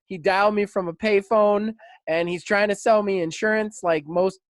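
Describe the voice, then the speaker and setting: A man in his thirties hosting a podcast, telling a story in a lively, animated casual chat. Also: high voice, moderate pace, no echo. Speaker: podcast host.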